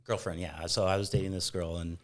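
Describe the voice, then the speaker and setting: A guest falconer from Fresno, California, tells stories on a casual podcast. His voice is low-pitched, level in tone, and brisk, though he talks in a chatty, rambling way and often restarts his sentences.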